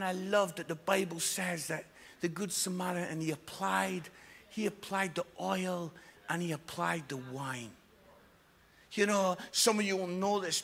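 A man delivers an animated, loud sermon in a large church, his voice high and bright with a gravelly edge. Long hall reverb trails behind every line. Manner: animated, loud, often laughing and shouting. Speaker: preacher. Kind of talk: lively sermon with comic stories.

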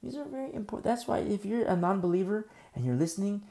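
A male pastor with a heavily gravelly, very mellow voice, preaching like he is telling a story. He talks casually, full of fillers, and slips into character voices to act out scenes. His delivery is informal, not polished. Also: high voice, lively intonation, quick pace. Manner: vivid storytelling, conversational with many fillers; acts out dialogue of biblical scenes. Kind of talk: sermon.

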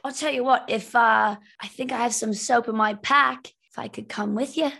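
A woman's voice: a little high, steady tone, moderate pace, vocal fry, bright, forceful tone, exaggerated voice. A woman voicing a small, chatty female wanderer from a family of stage performers, in a thick, hard-to-follow put-on accent and a showy, pushy manner. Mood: nosy. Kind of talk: tabletop role-play.

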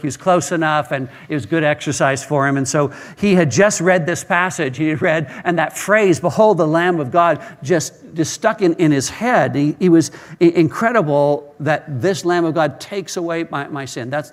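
A man's voice: fairly high pitch, a bit bright. A male pastor preaching a sermon, telling stories earnestly and often repeating words as he starts a phrase.

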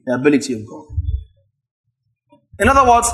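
A man preaching a sermon, emphatic and repetitive, rising to shouts at his peaks. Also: a little high, very animated, normal speed, pauses often. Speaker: pastor.

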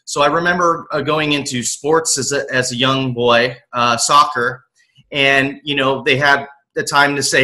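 A man's voice: mid-range voice, fairly even intonation, measured pace, sharp tone, poor audio. A man telling his personal story as an interview guest, earnest, acting out his younger self as he recalls it. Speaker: guest, aspiring motivational coach.

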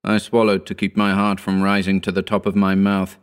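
A man narrating a horror story in a slow, grave, deliberate reading. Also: low voice, monotone, smooth.

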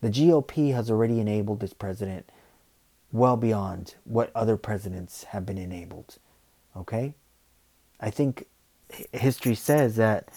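A man's voice: mid-range voice, warm tone. Opinionated man ranting on a podcast. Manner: opinionated, repetitive, frequent "you know" and "okay". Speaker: podcast host.

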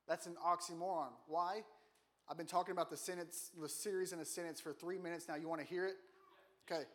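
This guest preacher's voice is a little high and a bit bright, with fairly even intonation and a brisk pace. In a church auditorium, he delivers a casual, joking sermon, regularly posing questions to those gathered.

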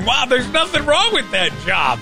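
A man's voice: very high voice, sing-song, a little slow, creaky, loud music behind the voice. A man hosting a radio show, joking through casual comedic banter in a game-show style.

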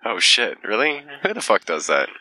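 Male podcast host, very low pitch, sharp bright tone, crude teasing banter. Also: huge pitch swings, moderate pace, low-quality recording. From California. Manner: joking, profane, teasing. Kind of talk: casual chat.

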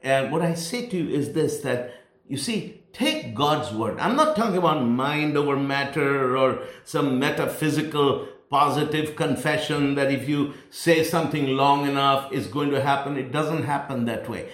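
A man preaching a sermon, emphatic and repeating key phrases, slowing down to stress points. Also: mid-range voice. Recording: echoey room.

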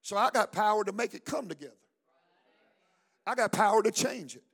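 A male pastor preaches at a church service with a strikingly high voice. He swings between quiet asides and shouted, chanted lines, calling the congregation to answer back. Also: animated, fairly quick. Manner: fiery call-and-response preaching, shouting and chanting. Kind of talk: sermon.

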